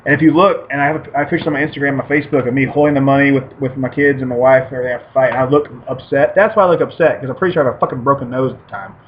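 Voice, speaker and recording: A man co-hosting a podcast and telling stories in a loose, profane, animated way. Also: medium pitch, rapid-fire, few pauses. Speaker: podcast co-host. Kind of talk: casual podcast chat. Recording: muffled lo-fi with faint hiss.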